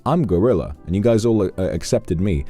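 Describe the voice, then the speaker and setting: A man's voice: low voice, animated, brisk, mellow, soft background music. A man streaming live, reading out viewer donations and chatting with them in a playful, teasing, affectionate way. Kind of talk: casual livestream chat.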